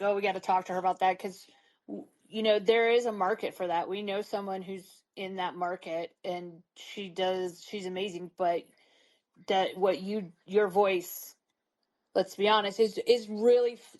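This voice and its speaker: A woman hosts a podcast and chats with her guest in a loose, encouraging way. She wanders through her sentences with plenty of filler words. Her pitch sits in a middle range. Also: a little mellow, low-quality recording. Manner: rambling, encouraging, many fillers. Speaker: podcast host. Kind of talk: casual interview conversation.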